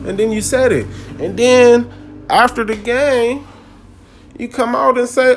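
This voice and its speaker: A man's voice: high-pitched, normal speed, a little hiss or hum. A man, ranting casually and animatedly about a sports game in slangy talk. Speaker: sports commentator.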